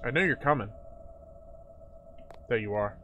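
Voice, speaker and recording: A man's voice: mid-range voice, expressive, measured pace, lo-fi sound. A man commenting on a horror shooter as he plays, reacting in jumpy exclamations and laughs. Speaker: gamer playing a horror shooter. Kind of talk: let's play commentary. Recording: game music playing behind.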